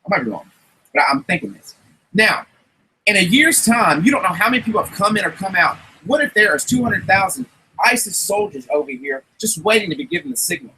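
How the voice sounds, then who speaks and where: A man's voice: high-pitched, lively intonation, fairly quick, bright, forceful tone, slight background noise, rough recording. A man, talking casually as a podcast host. He rambles emphatically and often restarts his sentences. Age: 30s. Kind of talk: casual chat.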